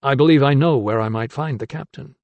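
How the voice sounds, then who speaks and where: A man voicing a young anatomist in an audiobook, giving polite, measured replies to his elders. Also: medium pitch, creaky, a little mellow, no echo, lightly acted. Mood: respectful. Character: young male anatomist, earnest, respectful, guarded.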